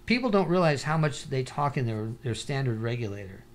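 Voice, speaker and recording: A man talking as an interview guest, a diver telling stories in an animated, rambling way with lots of "you know". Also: medium pitch, fairly quick. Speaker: guest, scuba diver and paranormal investigator. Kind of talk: casual interview chat.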